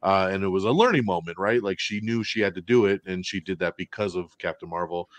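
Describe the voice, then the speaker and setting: Guy hosting a movie review chat, lowish voice, dry close sound, acts out the lines. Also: fast talker, dry recording. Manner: animated, acts out quoted lines, swears casually. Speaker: podcast co-host.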